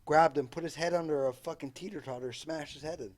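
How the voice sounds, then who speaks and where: A man's voice: fairly high pitch, fast talker. A young man telling blunt, offhand stories from his childhood in casual podcast chat, joking and using fillers. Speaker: podcast co-host.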